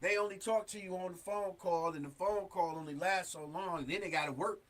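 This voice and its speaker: A man's voice: high-pitched, steady tone, fairly quick, a bit bright. A man hosting a talk show, giving earnest, emphatic advice in casual street talk. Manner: earnest, emphatic street talk with many "you know what I'm saying".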